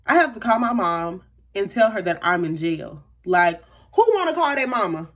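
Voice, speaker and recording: A young woman telling a storytime vlog in an animated, slangy way, often talking straight to her viewers. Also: medium pitch, normal speed. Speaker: YouTuber.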